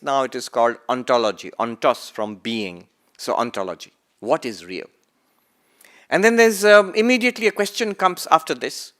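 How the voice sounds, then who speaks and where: A man with a fairly high voice gives a lecture-style sermon as a monk. He poses rhetorical questions, repeats key phrases slowly, and swings from emphatic rises to soft, fading endings. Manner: slow deliberate delivery with repeated phrases. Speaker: monk giving a spiritual talk.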